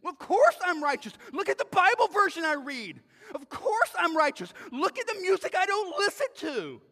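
A man's voice: very high voice, sing-song, normal speed, bright, forceful tone, pitched above the performer's own voice, exaggerated voice. A man playing a smug, self-righteous churchgoer who boasts about himself. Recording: long hall reverb.

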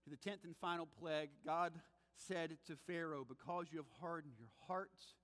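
A man's voice: sits high, a bit bright. A man preaching a sermon as pastor, telling the story with animation and acting out the voices he quotes. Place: church sanctuary. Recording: long church reverb.

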